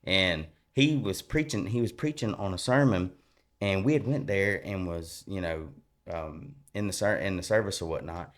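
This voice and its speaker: A man sharing his personal faith testimony as a podcast guest, earnest and animated, talking in a colloquial, rambling way with many restarts. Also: sits low, normal speed.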